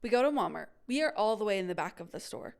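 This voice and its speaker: A woman's voice: mid-range voice, animated, fast, gravelly, clear, resonant tone. A woman co-hosting a casual chat podcast, telling a story and laughing often. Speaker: podcast co-host.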